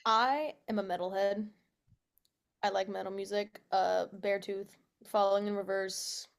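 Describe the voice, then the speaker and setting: A woman's voice: mid-range voice, steady tone, a little slow, creaky. A young adult woman, an actress being interviewed, chatting casually with lots of laughter, a loose "like" habit and the odd swear word. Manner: chatty, laughs often, swears, says "like" a lot. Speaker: actress guest.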